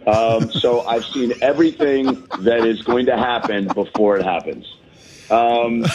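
A man's voice: mid-range voice, unhurried, background noise. A man calling in as a guest comedian, joking and rambling with many fillers, hungover on a balcony. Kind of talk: casual chat on a call. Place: hotel balcony abroad. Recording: dull lo-fi call audio.

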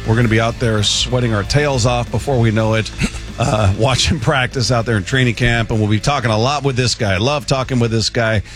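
A man's voice: mid-range voice, steady tone, fairly quick, soft background music. A man co-hosting a sports radio show, chatting casually and laughing often into a studio mic.

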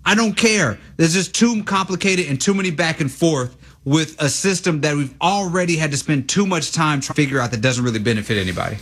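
A young man co-hosting sports radio, talking in a rambling, animated way with many fillers and restarts. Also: a little high, fairly quick, hardly any pauses, slightly rough. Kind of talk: casual sports talk.

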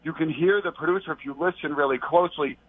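A man's voice: on the high side, fast, husky, dry recording. Rambling male caller on a tinny phone line. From Boston area. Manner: rambling, scattered storytelling. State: out of breath. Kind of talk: rambling call-in.

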